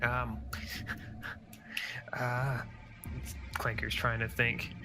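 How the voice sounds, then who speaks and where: A man's voice: medium pitch, monotone, very slow, pauses often. A man playing in a tabletop game, talking bluntly with swearing as he schemes. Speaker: player. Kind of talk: in-character table talk. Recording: music bed behind voice.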